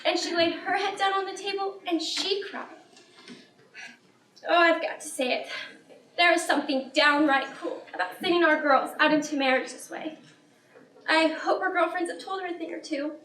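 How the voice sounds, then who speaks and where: A woman's voice: very high-pitched, moderate pace, bright, forceful tone, slight background noise. A student actress playing a tearful, fretful mother of the bride in a school stage play, heard from far off in an echoey auditorium. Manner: wistful, fretful.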